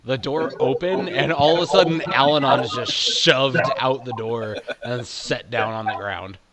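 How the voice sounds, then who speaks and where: A man's voice: mid-range voice, moderate pace, over a noisy crowd. A man running a tabletop game who narrates loosely, with many fillers and a lot of laughing. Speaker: game master.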